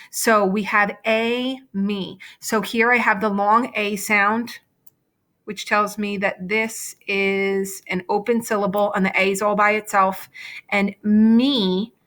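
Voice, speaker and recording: At her desk, a patient woman teacher speaks into a computer mic as she takes young learners through a phonics lesson on shared slides. She explains each step slowly and often checks in with "okay?", her middle-pitched voice sounding pushed and bright.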